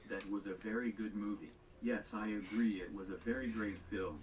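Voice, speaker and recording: A male text-to-speech voice playing cartoon characters in a homemade animated series, speaking without any emotion. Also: lowish voice, normal speed. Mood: deadpan. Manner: emotionless, monotone delivery. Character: flat computer-voiced cartoon schoolboys and teachers. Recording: distant playback with clear background noise.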